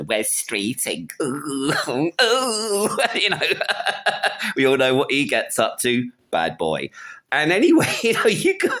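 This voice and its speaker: A man's voice: medium pitch, bright, forceful tone. Sarcastic man ranting on a vlog. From United Kingdom. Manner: sarcastic and mocking, laughs often. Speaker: political vlogger. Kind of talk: casual ranting monologue.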